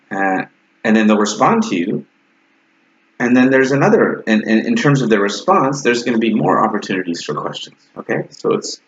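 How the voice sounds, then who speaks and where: A man teaching English conversation to camera in a casual way, acting out both sides of sample dialogues. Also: mid-range voice. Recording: slightly dull lo-fi sound.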